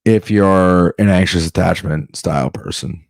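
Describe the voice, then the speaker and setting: A man's voice: sits low, a little slow, creaky, dry recording, clean studio sound. A man doing a rambling comedic monologue, often breaking off and restarting mid-sentence. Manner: rambling, self-interrupting, off-the-cuff.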